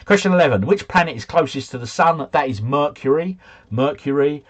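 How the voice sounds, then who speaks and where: A man's voice: a little high, animated, brisk. A man hosting a casual live quiz stream, chatting and joking as he reads out answers and viewer scores. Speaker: quiz host.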